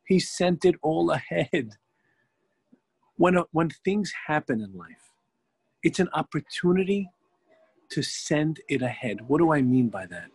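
Middle-aged rabbi telling a story in class, bit high husky voice, dry close sound, acts out the people in it. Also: male voice, normal speed, dry recording. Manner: lively storyteller, acts out the people in his tale.

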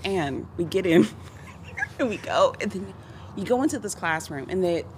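A woman, a podcast guest telling stories in casual chat, animated and laughing as she acts out what people said. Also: fairly low pitch, normal speed, background noise. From Texas.

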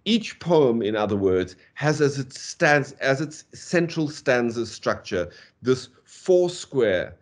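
A man's voice: medium pitch, takes it slowly. A man giving a university lecture on poetry over a video call, reading verse aloud, tapping out meter, with frequent fillers. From South Africa. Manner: animated, rhythmic scansion aloud.

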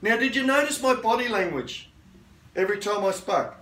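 Firm middle-aged karate instructor, roomy. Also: male voice, high voice, animated, moderate pace, pushed and bright. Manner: firm, assertive, checks in with "okay?". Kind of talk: self-defence lesson. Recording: roomy sound from a distant mic.

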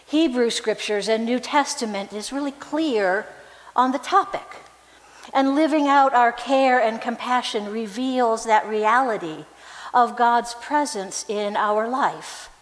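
A woman's voice: a little high, slow pace. A woman pastor giving a sermon in a conversational, reflective way in a church. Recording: reverberant hall.

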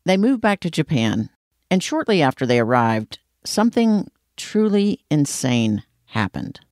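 Narrator with a very animated pitch, close and dry. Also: a little slow, no echo. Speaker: podcast host and narrator. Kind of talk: scripted narration.

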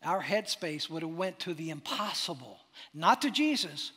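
A man preaching with a high, bright voice that swings between loud exclamations and hushed near-whispers. His sermon is dramatic and animated, and a long hall reverb hangs behind every line. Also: normal speed, slightly rough. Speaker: pastor.

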